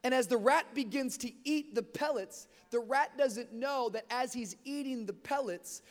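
Young guy preaching, high voice, big echoey church hall, gets loud. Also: normal speed, few pauses. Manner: energetic storytelling, rising to shouts. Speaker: pastor. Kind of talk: sermon. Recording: long reverb of a large hall.

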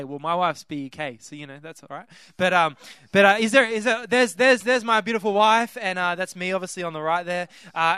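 Young guy preaching at a youth conference, high clear voice, dry close sound, keeps tripping over his words. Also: no echo. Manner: energetic, stumbling, many restarts and fillers. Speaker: guest preacher. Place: conference hall with live audience.

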